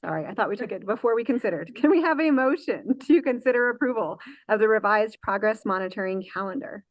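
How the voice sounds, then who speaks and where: A woman's voice: mid-range voice, expressive, fast, dry recording. A woman presiding over a public school board meeting, running motions and votes with frequent fillers and self-corrections.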